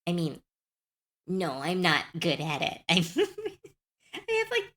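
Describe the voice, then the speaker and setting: A woman's voice: lowish voice, wildly swooping pitch, slow pace, fairly bright tone. A young adult woman streamer chatting casually on a live stream, chatty and self-deprecating, laughing often.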